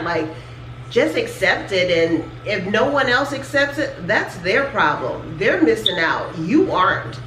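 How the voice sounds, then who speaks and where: A woman's voice: medium pitch, fairly bright tone. A blunt, outspoken middle-aged woman from Louisiana who says whatever comes to mind. She is recorded from a distance in a roomy space with a faint hiss underneath. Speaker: interview guest, host's mother. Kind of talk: casual chat.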